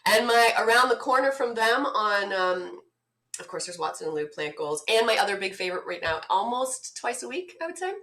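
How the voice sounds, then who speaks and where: Bright, bubbly woman with morning voice. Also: medium pitch, animated, a little fast. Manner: bubbly, enthusiastic. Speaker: guest. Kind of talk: casual interview chat. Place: home.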